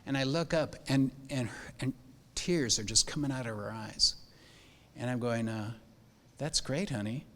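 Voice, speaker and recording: A man's voice: medium pitch, moderate pace, fairly bright tone. An older man speaks as a pastor welcoming new school parents, rambling and heartfelt, stopping often to restart his sentences. His voice carries a long hall reverb.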